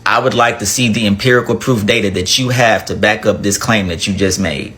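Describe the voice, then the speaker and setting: A man's voice: on the low side, brisk, hardly any pauses, fairly bright tone. A man gives a sarcastic reaction rant to camera and demands evidence over and over. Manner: demanding, sarcastic, repeats himself. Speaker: commentator.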